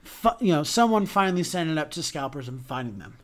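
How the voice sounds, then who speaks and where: Male podcast co-host, a bit high-pitched, animated and earnest, theater talk. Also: a little fast. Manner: animated, emotional, talks through restarts. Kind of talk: casual podcast chat about theater.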